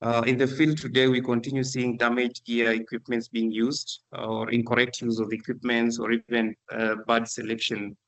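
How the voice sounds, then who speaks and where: A man begins a presentation over a video call. His pitch stays level with little melody. He talks hesitantly and fills gaps with frequent uh sounds. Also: little pitch movement, moderate pace, hardly any pauses, a bit bright, poor audio. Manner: hesitant, with many filler sounds. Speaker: guest presenter. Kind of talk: online presentation.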